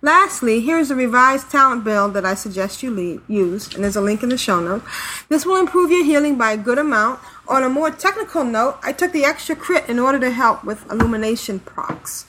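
A woman's voice: fairly high pitch, animated, fairly quick, bright, forceful tone, slight background noise, rough recording. A woman co-hosting a gaming podcast, reading listener emails in an easygoing, laughing manner. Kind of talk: casual podcast chat.

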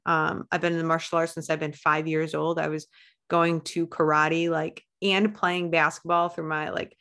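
Woman, low-pitched, blunt and candid, swears freely, podcast guest. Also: steady tone, bright, forceful tone, clean tone. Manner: blunt, swears, fast bursts of feeling. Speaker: podcast guest, life coach. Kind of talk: candid interview talk.

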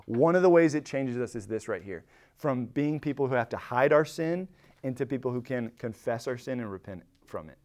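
A man teaching a church Bible study in a conversational way, animated, often restarting phrases and acting out quoted lines with rising emphasis. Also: mid-range voice, fairly quick.

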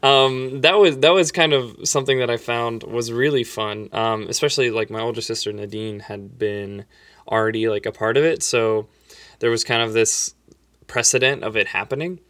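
A young adult co-hosting a casual podcast, laughing often and reacting quickly. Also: medium pitch, fairly bright tone, no echo. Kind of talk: casual chat.

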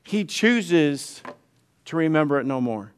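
A man's voice: on the high side, animated, slow pace, clear, resonant tone. A middle-aged male pastor preaching conversationally, often repeating words and acting out quoted dialogue. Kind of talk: sermon.

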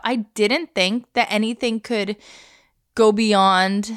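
A woman's voice: a little high, slow pace, fairly bright tone, no echo, clean studio sound. A woman in her thirties co-hosting a podcast, telling stories in a casual, chatty way and laughing easily. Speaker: podcast co-host. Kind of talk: casual chat.

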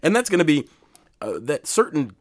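A man hosting a podcast, introducing a segment with many pauses and restarts. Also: a little high, big pitch swings, no room sound. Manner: hesitant, many ums and restarts. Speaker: podcast host. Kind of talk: casual podcast talk.

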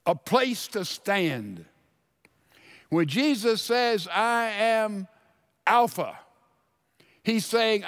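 A man preaching a sermon as pastor, dramatic, dropping to a hush when he quotes scripture. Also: sits high.

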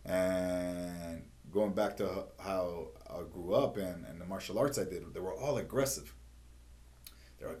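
A man's voice: sits low, normal speed, a little mellow. A middle-aged man, a jiu-jitsu instructor, talking casually and animatedly in an interview, often asking "you know what I mean".

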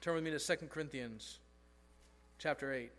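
High-voiced man preaching earnestly. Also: normal speed, fairly bright tone. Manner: earnest preaching with emphatic repetition. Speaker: pastor. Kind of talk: sermon.

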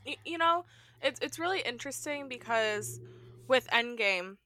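A woman's voice: on the high side, animated, moderate pace, bright, forceful tone, no echo. A woman co-hosting a casual film podcast, chatty and laughing between her points. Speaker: podcast co-host. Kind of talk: casual chat.

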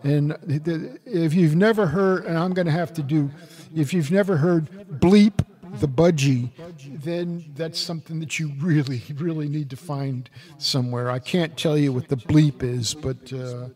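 An older man co-hosting a casual chat, rambling and halting with wry grumbles. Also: fairly high pitch, dark tone. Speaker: musician and podcast co-host.

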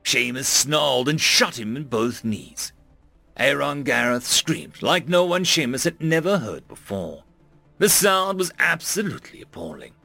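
Gravelly, expressive male audiobook narrator. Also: medium pitch, measured pace, dry recording, soft background music. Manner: dramatic, expressive reading.

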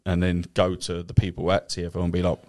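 A man's voice: low-pitched, completely flat delivery, fast, a little mellow. A man with a London accent chatting casually as a podcast co-host, sweary and rambling, often breaking into laughs. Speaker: podcast co-host, cab driver. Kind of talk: casual chat.

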